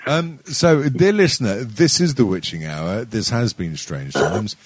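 A man's voice: fairly low pitch, animated, measured pace, slight background noise. A middle-aged man hosting a podcast, telling a story in a rambling, sweary way and laughing often. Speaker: podcast host. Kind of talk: casual comedic chat.

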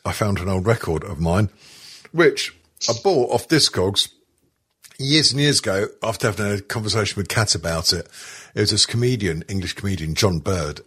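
A man's voice: low-pitched, a bit bright, breathy edge. A man hosting a podcast, chatting casually in sweary, laughing banter. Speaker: podcast host. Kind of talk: casual chat.

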